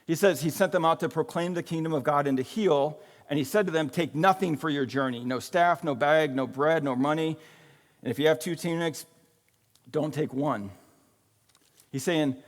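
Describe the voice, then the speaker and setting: A man's voice: on the high side, moderate pace. A man preaching a sermon in a casual, conversational way, often checking in with "right?" and "like". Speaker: pastor. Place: church sanctuary. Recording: long reverb of a church hall.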